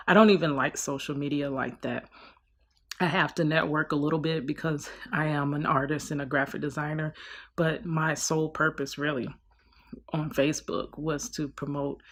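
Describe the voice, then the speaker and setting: A young woman with a deep voice speaks in a personal vlog, sounding weary and heartfelt, trailing off and starting over as she talks.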